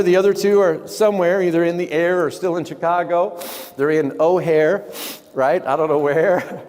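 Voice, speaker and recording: A motivational speaker with a high-pitched voice delivers a live sermon in a large event hall, where long reverb trails his words. He speaks emphatically, poses questions to the audience, and often drops into hushed tones.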